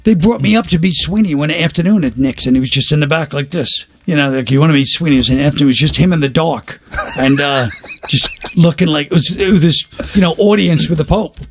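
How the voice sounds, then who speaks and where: Older new york comedian guy telling stories, bit high voice, acts out the quotes. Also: quick pace, slight background noise. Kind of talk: casual chat, storytelling.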